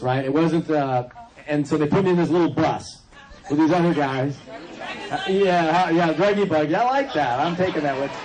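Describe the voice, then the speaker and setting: Joking man telling his story to a crowd. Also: a little high. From California. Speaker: recovery convention speaker. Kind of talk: personal story talk to an audience. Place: convention hall with an audience. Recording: crowd and noise behind. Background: audience laughter and room noise.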